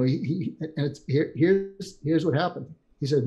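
Older guy on an interview, warm dark voice, tells stories and does the voices of the people in them. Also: mid-range voice, normal speed, hardly any pauses. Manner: animated storyteller, acts out quoted dialogue. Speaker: psychiatrist guest. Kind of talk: conversational interview.

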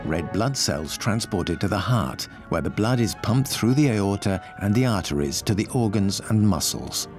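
Low-voiced male documentary narrator. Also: lively intonation, darkish tone. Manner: measured, explanatory. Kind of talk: scripted narration. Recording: faint music behind.

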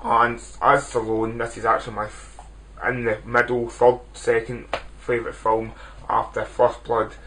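A man's voice: mid-range voice, completely flat delivery, measured pace, sharp tone, slight background noise, low-quality recording. A man in his twenties giving a casual, rambling video film review, often restarting and apologising. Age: 20s. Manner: rambling, self-deprecating, many restarts.

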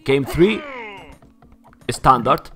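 A man with a Spanish accent, Spanish as his first language, giving excitable live commentary on a strategy game and calling everyone "man". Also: medium pitch, drawn-out words. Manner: excitable, keeps saying "man", surges into shouts when hyped. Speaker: esports caster.

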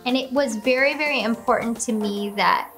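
A bubbly woman with a high voice gushes through a casual reaction commentary. She talks over faint background music, gasping and laughing as she goes. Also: moderate pace, fairly bright tone. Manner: gushing and bubbly, with gasps and laughs. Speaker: host reacting to her own wedding video.

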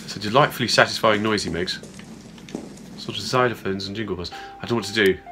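Music plays behind this man as he talks quickly in a fairly low voice. He's a gamer doing a horror let's-play, keeping it playful and chatty while addressing his viewers mid-game.

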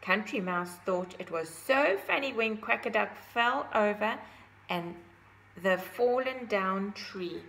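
Slow gravelly bright-voiced woman reading aloud. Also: medium pitch, lively intonation, poor audio. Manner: gentle, adds asides about the pictures. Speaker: storybook reader. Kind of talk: reading a picture book aloud to children.

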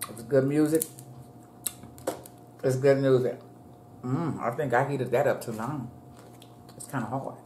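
A woman's voice: extremely low pitch, measured pace, long pauses, mellow, a little hiss or hum. A middle-aged woman vlogging as she eats, chatting to viewers between bites and calling them y'all. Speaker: mukbang vlogger. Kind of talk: casual chat while eating. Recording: echoey room.

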